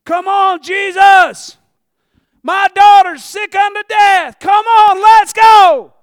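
A preacher voicing a desperate, frantic father who shouts urgently in a sermon. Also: very high voice, fairly even intonation, slow pace, no room sound, studio quality, voice pushed up.

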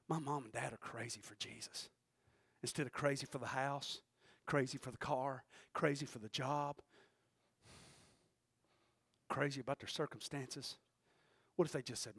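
A man preaching a sermon, who swings between shouting and quiet, intense passages and calls out to the congregation. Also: medium pitch, brisk, slightly rough, dry recording, studio quality. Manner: preaches with call-and-response asides to the congregation. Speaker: pastor.

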